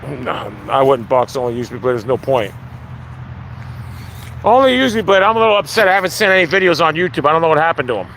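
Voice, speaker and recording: A man's voice: fairly high pitch, big pitch swings, quick pace, a bit bright, slight background noise. A man talking casually on a live stream outdoors, ranting with lots of swearing. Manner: profane, ranting.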